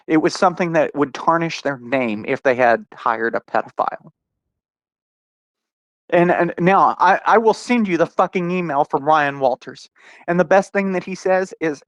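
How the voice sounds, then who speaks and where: Angry, profane man with a fairly high voice. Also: fairly bright tone, no echo. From Oklahoma. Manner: angry, profane, rapid storytelling with quoted retorts. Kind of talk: heated podcast conversation.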